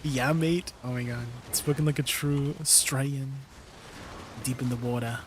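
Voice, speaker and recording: A man's voice: medium pitch, fairly even intonation, moderate pace, background noise. A man casually chatting on a game stream, explaining gear and greeting viewers from chat.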